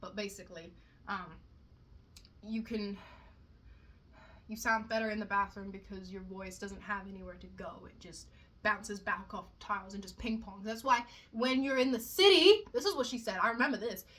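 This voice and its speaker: A woman's voice: medium pitch, normal speed, a bit bright. A young woman vlogging in a casual, rambling way, swearing often and poking fun at herself. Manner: chatty, swears a lot, self-mocking asides.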